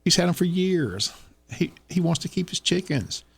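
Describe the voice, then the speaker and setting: A man's voice: high-pitched, lively intonation, normal speed, vocal fry, breathy edge. A man co-hosting a radio talk show, pressing the same questions over and over. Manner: insistent, keeps repeating his questions.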